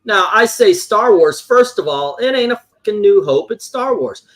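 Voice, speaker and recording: A man with a fairly high voice hosts a casual film chat. He talks in an animated, loose way and swears freely now and then. His delivery is excitable and conversational. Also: normal speed. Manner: animated, swears casually, reads movie quotes aloud. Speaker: podcast co-host. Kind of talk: casual chat about classic films.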